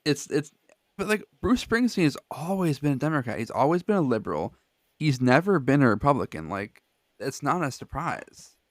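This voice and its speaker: Chill guy cohosting a podcast, mid pitch, loose rambly talk, dry close mic. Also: big pitch swings, normal speed, dry recording. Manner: laid-back, lots of "like" fillers, laughs easily. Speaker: podcast co-host. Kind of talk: casual chat.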